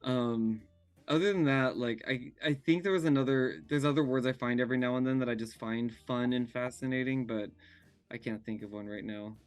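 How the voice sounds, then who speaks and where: A man from California, a guest telling personal stories in a casual, animated way and laughing often, recorded over a remote call. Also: mid-range voice, brisk, dry recording, faint music behind. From California, USA. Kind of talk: casual storytelling.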